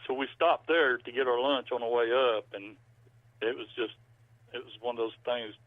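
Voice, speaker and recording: A man's voice: mid-range voice, steady tone, moderate pace, dry recording. Man, middle-aged, folksy rambling storyteller, thin telephone sound. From Georgia, US. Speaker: musician guest. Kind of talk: casual phone interview. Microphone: landline telephone. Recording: dry, tinny phone line.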